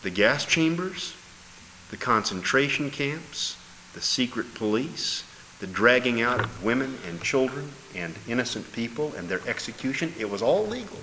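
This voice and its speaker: A man preaching a sermon with emphatic delivery, dropping low and then bursting into loud exclamations. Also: animated, measured pace. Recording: hall reverb with faint noise.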